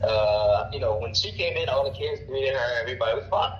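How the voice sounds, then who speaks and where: A man around forty, a caller telling a long personal story in a halting, rambling way with many fillers. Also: mid-range voice, roomy sound, muffled recording, a little hiss or hum. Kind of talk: casual storytelling.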